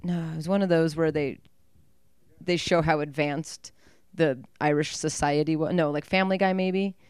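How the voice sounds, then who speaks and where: A woman's voice: low-pitched, steady tone, moderate pace, darkish tone, smooth, dry recording. A Scottish woman co-hosting a podcast, chatting casually about a movie, teasing and laughing often. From Scotland. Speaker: podcast co-host. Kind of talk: casual movie commentary chat.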